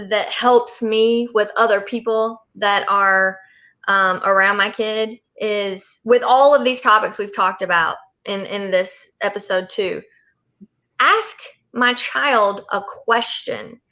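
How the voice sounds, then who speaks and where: A woman's voice: medium pitch, bright, forceful tone. A woman hosting a casual parenting discussion, talking in a loose, rambling way with lots of fillers. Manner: rambling, many fillers and restarts. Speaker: host.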